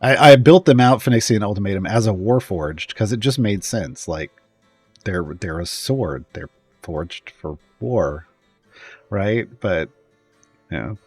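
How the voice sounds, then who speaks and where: A man's voice: lowish voice, expressive, unhurried, darkish tone, husky, no room sound, faint music behind. Rambling, easygoing male streamer. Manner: rambling, trailing off, chuckling. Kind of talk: casual live-stream chat.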